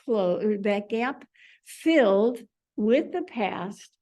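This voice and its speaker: A woman leading a spiritual study class, talking in an animated way and repeating words as sound effects. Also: mid-range voice, slow. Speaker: class leader.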